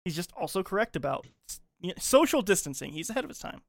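A man's voice: sits high, very animated, fast talker, gravelly, no room sound. Wry man, dry close sound. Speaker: podcast co-host. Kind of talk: casual chat about a movie.

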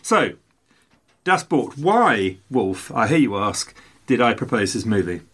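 A man's voice: lowish voice, very animated, measured pace, fairly bright tone, breathy edge. An older man hosting a podcast, chatty and playful, rambling through stories in casual conversation. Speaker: podcast host. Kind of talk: casual chat.

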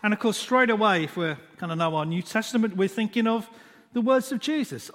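A man's voice: high voice, a bit bright. A man gives a sermon in a slightly raised voice, lingering over single words and leaning on "just" again and again. His voice rings out with a long hall reverb behind it. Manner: unhurried, repeats "just" often, dwells on single words. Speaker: preacher.

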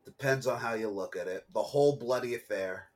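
A man co-hosting a casual podcast chat about films, animated and given to loud, high exclamations. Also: brisk. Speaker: podcast co-host.

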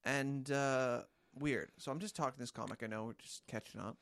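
A man's voice: mid-range voice, fairly quick, vocal fry, no echo, clean studio sound. A man co-hosting a podcast, telling an indignant story in casual chat. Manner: animated, indignant anecdote telling. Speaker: podcast co-host.

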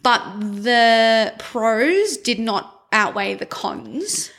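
A young woman co-hosts a laid-back podcast chat. Her voice sits a little higher than average. She talks conversationally and uses "like" often. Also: expressive, extremely slow, fairly bright tone. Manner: conversational, many "like" fillers. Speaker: podcast co-host. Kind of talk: casual chat.

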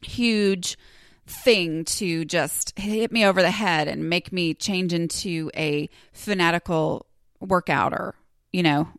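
A woman in her forties hosts her own podcast, chatting and confessing as she talks. She acts out her old thoughts with lively bursts. She is close to the mic in a very dry space with no room sound. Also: lowish voice, takes it slowly, clean tone, dry recording. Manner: chatty and confessional, slips into lively acted-out quotes. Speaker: podcast host. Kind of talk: casual solo podcast monologue.

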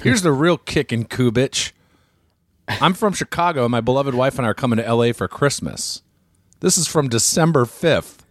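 A man's voice: medium pitch, animated, moderate pace, no room sound. Guy on a podcast reading fan emails, jokey, voice bounces around a lot, dry close sound. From Los Angeles area. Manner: jokey, reads emails aloud with bursts of laughter. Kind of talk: casual remote podcast chat.

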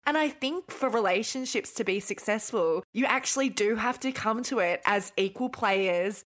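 A woman's voice: mid-range voice, normal speed, fairly bright tone. A woman co-hosting a podcast, telling stories in a chatty, earnest casual chat. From Australia. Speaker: podcast co-host.

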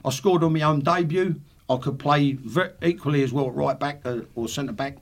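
A man's voice: a little high, normal speed. A man in his sixties, a podcast guest, telling swearing football anecdotes with laughs. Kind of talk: casual storytelling.

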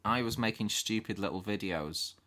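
A man from England chats casually, telling stories from his school days. His voice sits a little low but sounds bright and forward. He laughs often and slips into impressions. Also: moderate pace. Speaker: podcast co-host. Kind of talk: casual chat.

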